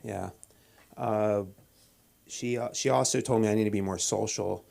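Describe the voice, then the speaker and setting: On a club stage mic, a comedian at an open mic performs stand-up in a deadpan manner. His voice is low and gravelly, and he halts often, restarting lines and leaning on fillers.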